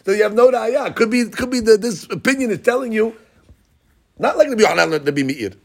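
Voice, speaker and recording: A man leads a daily Talmud class, his voice pitched a bit high with a husky, gravelly edge. He keeps throwing rhetorical questions at his students and mixes Hebrew and Aramaic terms into his explanations. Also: expressive, quick pace. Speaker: Talmud teacher.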